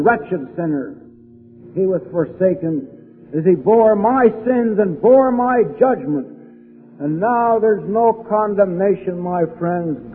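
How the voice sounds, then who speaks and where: A man preaching a fervent evangelistic sermon to a room, slowing down and stressing key words. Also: high voice, husky. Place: hall with an audience. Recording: phone-like old recording in a long-reverb hall.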